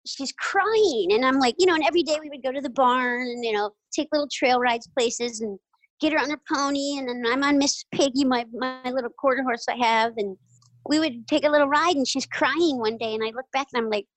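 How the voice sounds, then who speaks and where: Woman guest, high voice, chatty, lots of "like" and "you know", dry close sound. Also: fairly quick, no room sound, rough recording. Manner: chatty, full of "like" and "you know", laughs often. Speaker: interview guest. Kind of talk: casual storytelling.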